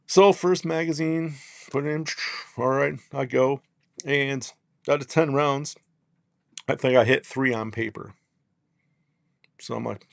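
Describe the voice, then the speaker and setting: A man, a podcast guest, telling long rambling stories in casual chat and tagging his points with quick checks on the listener. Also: mid-range voice, fairly even intonation, vocal fry, no echo, clean studio sound. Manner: rambling, peppers lines with "right?". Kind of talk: casual storytelling.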